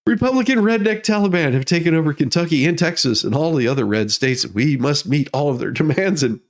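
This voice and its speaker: A man's voice: fairly high pitch, expressive, brisk. A man voicing a muddled, smug elderly male president who rambles, blames others and drifts off topic.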